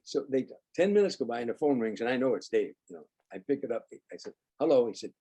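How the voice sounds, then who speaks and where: An older man, a comedian guest, telling lively anecdotes in an interview and acting out the dialogue. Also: medium pitch, quick pace, breathy edge. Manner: animated anecdotes, acts out quoted dialogue. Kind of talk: storytelling interview.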